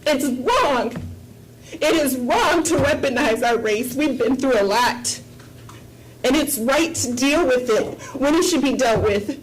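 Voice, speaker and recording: A woman with a high voice delivers an impassioned, emphatic statement as a board trustee, hammering her points through repetition. She speaks into a table microphone in a meeting room, with a faint hum of room noise behind her. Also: rough recording. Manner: emphatic, forceful, repeating points for effect.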